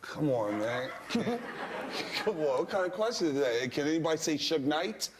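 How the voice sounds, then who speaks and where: A man's voice: on the high side, sing-song, normal speed, background noise. A man, a comedian on a panel show, defending himself with a sheepish, stammering delivery. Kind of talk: panel banter. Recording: studio audience laughter.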